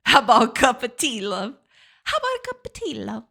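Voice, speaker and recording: Gal doing a brash cockney geezer, bright sharp tone, jumpy high voice. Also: female voice, wildly swooping pitch, moderate pace, full character voice. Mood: flirty. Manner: mock cockney, brash and teasing. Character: cheeky working-class British bloke.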